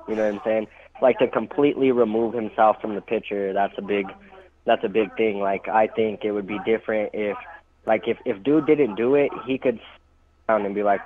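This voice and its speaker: A man calling into a podcast radio show, chatting in a relaxed, profane way and repeatedly asking "you know what I'm saying". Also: on the low side, a little fast. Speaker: caller. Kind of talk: casual profane chat. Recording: tinny phone line.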